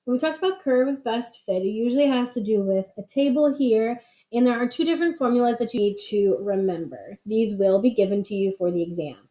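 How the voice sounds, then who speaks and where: A woman teaching a math lesson over a screen recording, explaining clearly in a conversational way. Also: on the high side, expressive, brisk. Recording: echoey, dull lo-fi sound.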